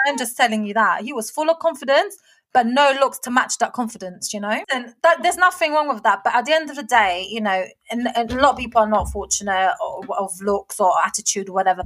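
A woman in her thirties chatting casually with a high, bright voice. She tells her stories with animated indignation. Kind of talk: casual chat.

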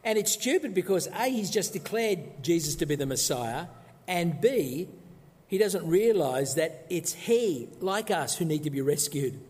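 Emphatic male preacher in echoing hall. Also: darkish tone. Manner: emphatic, rhetorical questions, drops low for solemn points. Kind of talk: sermon. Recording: long echoey hall reverb.

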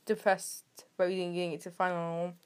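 A British teenage girl hosting her own podcast, rambling and sarcastic, with sudden jumps in loudness. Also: lowish voice, little pitch movement, normal speed, smooth. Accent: British English. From Britain. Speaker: podcast host. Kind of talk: casual solo podcast chat.

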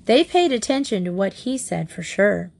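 A woman reading a children's mystery book aloud in a clear, measured storybook narration. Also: mid-range voice, big pitch swings, a little mellow. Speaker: audiobook reader.

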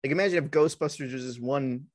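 A man co-hosting a podcast in casual chat, laid-back and joking, with halting fillers. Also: medium pitch, dry recording, studio quality. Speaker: podcast co-host.

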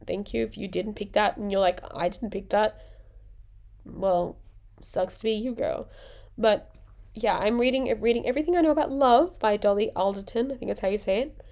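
A woman chats on her own podcast, wandering from one aside to the next. She is jokey and self-mocking and drops slang freely. She sounds a little sick and worn out, and her pitch sits in the middle range. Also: darkish tone. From Australia. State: sick and tired. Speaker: podcast host. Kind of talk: casual solo podcast chat.

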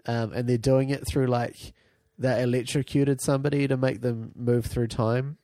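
A man with a dark, mellow voice co-hosting a casual podcast, explaining things in halting runs full of ums. The sound is dry and close-miked. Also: medium pitch, level tone, dry recording. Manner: rambling, halting explanations with fillers. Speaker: podcast co-host. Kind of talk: casual chat.

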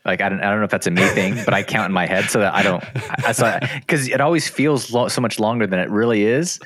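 A man's voice: fairly low pitch, fast talker, a bit bright, dry recording. A man hosting a podcast, chatting casually in a rambling way with many restarts. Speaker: podcast host. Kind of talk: casual chat.

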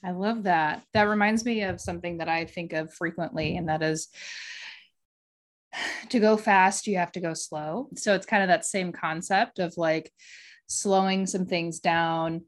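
A woman hosting a casual interview, thoughtful and affirming, asking long open questions. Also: medium pitch. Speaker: host.

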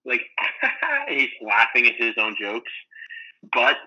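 A man's voice: mid-range voice, wildly swooping pitch, slow pace, sharp tone, husky, lo-fi sound. A young man co-hosting a casual podcast, rambling with lots of fillers and acting out imagined scenes. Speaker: podcast co-host.

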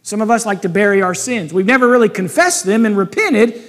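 A man's voice: high-pitched, expressive, a little fast, in a large hall. A man pastor preaching a sermon, reading scripture aloud and breaking in with pointed asides.

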